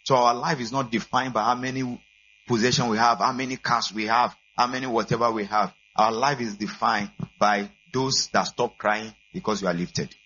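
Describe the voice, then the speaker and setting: Brief: male pastor, sermon delivery, bright and husky, dull lo-fi recording. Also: moderate pace. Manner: builds from calm welcome to loud, high-pitched preaching.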